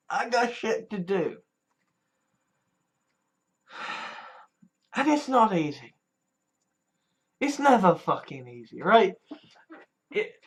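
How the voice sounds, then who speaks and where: A vlogger talks slowly and frankly to camera, with a pitch that rises and dips a lot. The delivery is blunt and full of swearing and sighs. Weary muttering turns now and then into loud, mocking outbursts. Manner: blunt and profane, with frequent sighs and trailing restarts; swings between weary mutters and mocking shouted quotes. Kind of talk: candid personal monologue.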